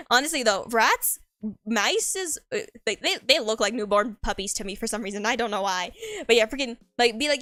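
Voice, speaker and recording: A woman's voice: on the high side, animated, a little fast, a bit bright, dry recording, clean studio sound, soft background music. A young woman streamer in casual chat, rambling playfully and laughing often.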